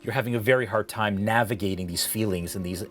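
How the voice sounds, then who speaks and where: Low-voiced man narrating a tabletop game. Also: a bit bright. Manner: measured, descriptive scene-setting narration. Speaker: dungeon master.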